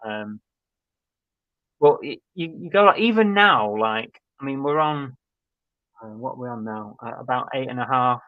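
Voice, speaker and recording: A man co-hosts a live reselling chat, talking things through in an easygoing, rambling way. His voice sits at an ordinary middle pitch. The sound is dry and close, with a slightly dull, muffled quality. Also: animated, unhurried, long pauses, no room sound. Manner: chatty, laid-back, thinking aloud with fillers. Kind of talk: casual live-stream chat, reading viewer comments.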